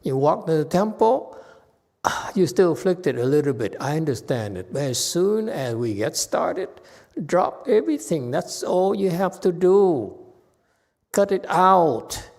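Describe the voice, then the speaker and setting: A man's voice: on the high side, sing-song, a little slow, vocal fry, warm tone. A man leading a dharma talk and answering questions, blunt and exasperated as he scolds his students. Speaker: meditation master answering questions. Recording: long hall reverb.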